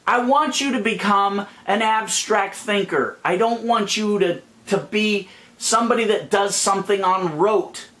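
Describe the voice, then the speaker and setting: A man's voice: high-pitched, measured pace, few pauses, a bit bright. A middle-aged man ranting to his viewers, blunt and profane, calling people idiots and describing himself as a plain speaker. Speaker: YouTube money-making vlogger.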